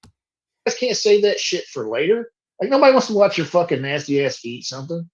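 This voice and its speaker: Male podcaster, slightly high voice, crude and profane, dull lo-fi sound. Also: big pitch swings, fairly quick. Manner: crude, heavy swearing, mocking. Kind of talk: casual podcast chat.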